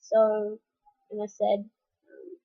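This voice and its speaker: A woman's voice: medium pitch, monotone, slow pace, gravelly. Frank young woman vlogging, lo-fi audio. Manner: frank, with fillers and restarts. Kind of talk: personal vlog update.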